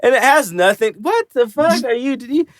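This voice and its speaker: A man's voice: very high-pitched, expressive, normal speed, a bit bright, no echo. Podcast co-host, young man, rambling and foul-mouthed, dry close mic. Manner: rambling, profane, restarts often. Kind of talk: crude casual chat.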